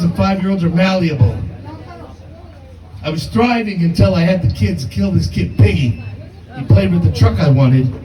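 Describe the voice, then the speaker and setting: A man's voice: high-pitched, mellow, echoey room, far from the mic, low-quality recording. A man in his fifties doing a brash, profane, self-mocking stand-up comedy set in a comedy club. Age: 50s.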